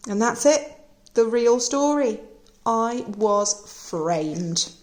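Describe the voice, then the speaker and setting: A woman's voice: fairly high pitch, animated, drawn-out words, a little mellow. Storybook wolf, male, sly and self-pitying, read by a woman; chatty, aggrieved narration.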